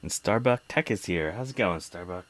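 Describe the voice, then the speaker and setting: Super deep voiced guy from south jersey, chatty streamer reading comments while he fixes stuff. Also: animated, normal speed, slight background noise. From South Jersey / Philadelphia. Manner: chatty, reads viewer comments, muttering while working. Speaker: host repairing vintage computer. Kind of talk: casual live-stream chat while working.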